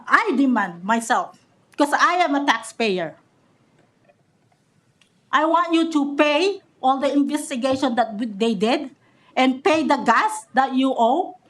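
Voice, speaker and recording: High-voiced angry woman at a podium. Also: expressive, measured pace, fairly bright tone. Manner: angry, accusatory, repeats words. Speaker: public commenter at a council meeting. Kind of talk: public comment speech. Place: council chamber.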